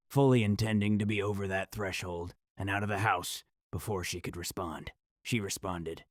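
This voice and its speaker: A man with a low voice reads a scripted first-person horror story. His delivery is dramatic and measured, and the recording is dry and close, with no room sound. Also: steady tone, no room sound.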